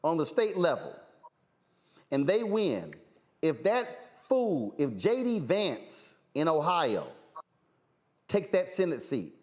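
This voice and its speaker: A man's voice: on the high side, huge pitch swings, slow, pauses often, darkish tone. A man hosting a talk show, giving fiery political commentary and hammering points home by repeating phrases. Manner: emphatic, repeats phrases for force.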